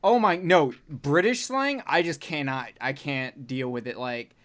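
A man's voice: a little high, unhurried, a bit bright. Profane joking male podcast host. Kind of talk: casual chat.

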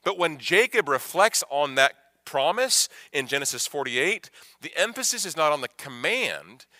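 A man preaching a sermon as pastor, emphatic, repeating phrases and swinging from hushed to loud. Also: a little high, no echo, clean studio sound.

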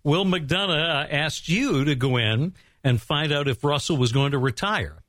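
A man's voice: on the high side, lively intonation, normal speed, fairly bright tone, no room sound, studio quality. A man hosting a radio interview, asking a guest prepared questions. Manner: laughs along, reads prepared questions. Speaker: radio host.

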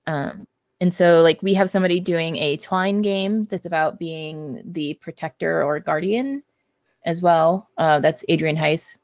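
A man, a game designer guest on a podcast, talking in a measured way with frequent ums. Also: a little high, steady tone, dry recording. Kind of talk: casual podcast chat. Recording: dull, dry lo-fi audio.

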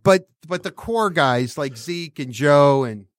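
A man's voice: a little high, lively intonation, takes it slowly, no echo, studio quality. A man hosting a podcast in casual sports chat, rambling with many restarts and laughing as he talks. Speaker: podcast host.

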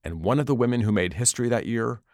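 A man narrating a radio documentary as host, in a measured storytelling delivery. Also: medium pitch, darkish tone, dry recording, studio quality.

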